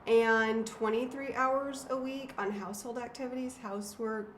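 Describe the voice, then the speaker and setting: A woman in her thirties with a somewhat high voice talks casually and reads from her own book, earnest and emotional, stumbling over words now and then. The room has a noticeable echo, with a faint hum of noise underneath. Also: steady tone, normal speed, fairly bright tone. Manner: earnest, emotional, with frequent fillers and restarts. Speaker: author and host.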